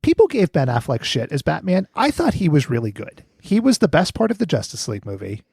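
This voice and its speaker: A man's voice: fairly high pitch, huge pitch swings, fairly quick, vocal fry, a little mellow, husky, no echo, studio quality. A man co-hosting a podcast, chatting casually, rambling and joking, swearing freely. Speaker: podcast co-host. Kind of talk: casual chat.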